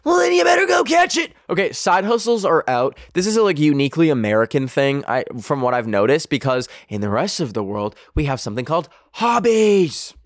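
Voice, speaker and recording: A man's voice: medium pitch, expressive, a little fast, hardly any pauses, no echo, clean studio sound. A man hosting a podcast, ranting casually and swearing a lot, rambling with many fillers. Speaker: podcast host. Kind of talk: casual opinion rant.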